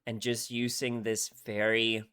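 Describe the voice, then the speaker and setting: A young man reacting to music from home at a desk mic, sincere and openly emotional about the lyrics. His voice is bright and forward, and he keeps checking in with listeners with a quick "right?". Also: fairly low pitch, level tone, clean tone. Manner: earnest, emotional, says "right?" often. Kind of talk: casual reaction commentary.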